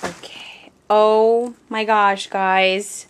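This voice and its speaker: Gushing woman vlogger, slow-paced. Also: mid-range voice. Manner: gushing, repeats "oh my gosh", talks to viewers as "guys". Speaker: crafting vlogger. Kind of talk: unboxing vlog, chatty.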